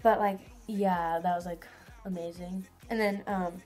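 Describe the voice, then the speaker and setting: A woman's voice: fairly low pitch, steady tone, normal speed, a little mellow, faint music behind. A teenage girl telling a vlog story in a giddy, gushing way, full of "like" fillers. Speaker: vlogger.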